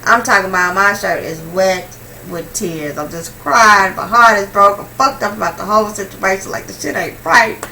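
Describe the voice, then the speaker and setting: Young woman vlogger, gravelly and bright, animated slangy storyteller, distant mic with faint hiss. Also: medium pitch, normal speed. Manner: animated, slangy, swings between hushed and loud. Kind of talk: casual storytelling to camera.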